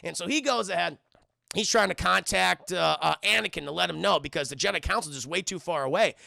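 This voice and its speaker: A young man casually recapping a film scene by scene for his stream chat, rambling, swearing and acting out lines in quick character voices. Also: high-pitched, gravelly, sharp tone, no echo.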